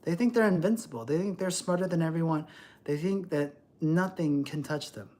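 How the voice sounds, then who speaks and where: A man's voice: fairly high pitch, moderate pace, darkish tone. A middle-aged man ranting profanely and lecturing on a livestream. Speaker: livestream host. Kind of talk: livestream rant.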